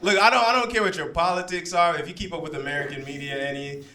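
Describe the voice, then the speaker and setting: A man's voice: on the high side, fast talker. A man performing a stand-up set in a lounge, telling stories with lots of check-ins to the crowd. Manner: animated storytelling with frequent check-ins to the crowd. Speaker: stand-up comedian. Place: comedy lounge with live audience. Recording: echoey club, faint room noise.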